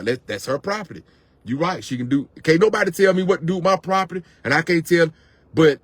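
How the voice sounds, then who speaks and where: A man's voice: mid-range voice, no echo. A middle-aged man, venting on camera in an impassioned, repetitive rant to his viewers. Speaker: vlogger.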